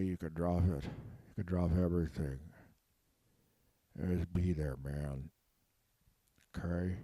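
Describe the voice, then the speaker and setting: A man's voice: no room sound, clean studio sound. A man playing a rambling orc coach. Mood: soothing. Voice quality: meandering, easily sidetracked. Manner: soothing coach voice dropping low and soft. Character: rambling male orc giving a pep talk. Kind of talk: improvised comic monologue.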